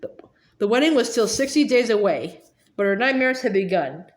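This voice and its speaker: A woman reads a novel aloud in a fairly high voice, tripping over words and doubling back as she goes. The delivery is plain and unpolished. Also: lively intonation, normal speed. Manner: stumbling, repeats words. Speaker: reader.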